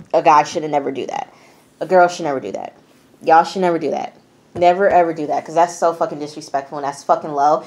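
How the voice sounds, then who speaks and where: A woman's voice: low voice, a little mellow. A woman giving a casual, profanity-laced vlog recap of a TV episode, blunt and chatty. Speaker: TV reviewer.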